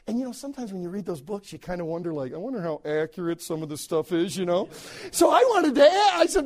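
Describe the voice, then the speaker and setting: An American man, a pastor, telling a story in a sermon to other preachers, animated and repeating words as he goes. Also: extremely high pitch, fast. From United States.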